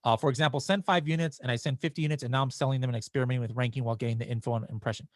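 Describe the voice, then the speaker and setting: Guy running a live webinar q&a, chatty and casual, mid-pitched voice, dry close sound. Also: fairly even intonation, rapid-fire, no room sound. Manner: casual and chatty, with frequent restarts and fillers. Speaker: webinar host answering viewer questions.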